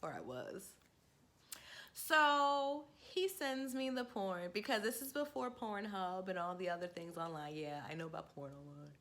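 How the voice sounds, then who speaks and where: A woman in her forties spins a personal story straight to camera in a casual, candid way. Her voice is bright and clear, and she laughs easily, jumping into lively quoted dialogue. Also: medium pitch, unhurried. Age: 40s. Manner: candid, laughing, animated quoting. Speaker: vlogger.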